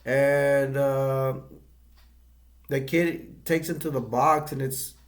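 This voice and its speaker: A man giving a casual movie review, retelling the plot in a rambling, halting way with many restarts. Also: medium pitch, steady tone.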